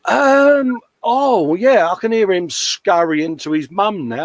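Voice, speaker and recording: A man's voice: high-pitched, animated, slow, hardly any pauses, dry recording. Joking man hosting a live chat. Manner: jokey banter, calls everyone mate. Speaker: live show host. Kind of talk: casual live-stream chat, reading viewer comments.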